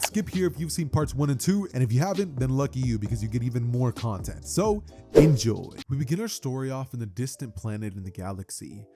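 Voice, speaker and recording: A man's voice: mid-range voice, dark tone. A man hosting his channel, telling a what-if fan story in a casual, rambling way full of fillers. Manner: chatty, many fillers like "like" and "kinda".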